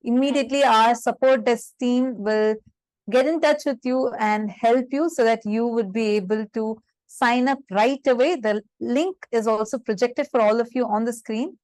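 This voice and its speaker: A woman's voice: fairly high pitch, normal speed, a little mellow, dry recording. A woman co-hosting an online spiritual session, inviting viewers to post in the chat and explaining a devotional ritual. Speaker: session co-presenter. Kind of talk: devotional talk and sign-up announcements.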